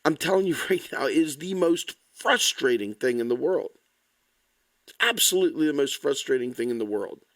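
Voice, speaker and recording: A man's voice: fairly high pitch, expressive, moderate pace, fairly bright tone, no room sound. A man delivering an impassioned, angry, blunt political rant to the camera, swearing freely. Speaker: political commentator.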